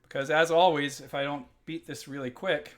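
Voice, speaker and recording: A man's voice: fairly high pitch, fairly even intonation, normal speed, fairly bright tone. Chatty man hosting a game stream. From Germany. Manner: chatty, rambling, reads chat aloud and laughs often. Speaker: live-stream host. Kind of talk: casual live-stream gameplay chat.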